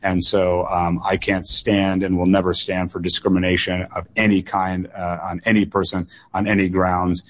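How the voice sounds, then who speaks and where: A political candidate answering questions on a call-in radio show, earnest and measured, often repeating words and pausing on fillers. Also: male voice, sits low, little pitch movement, a little hiss or hum. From United States.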